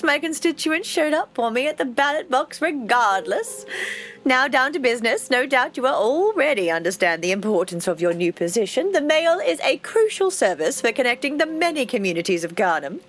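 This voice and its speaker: A woman's voice: high-pitched, fairly bright tone. A woman voicing a pompous, self-important woman mayor who gives grand, self-congratulatory speeches.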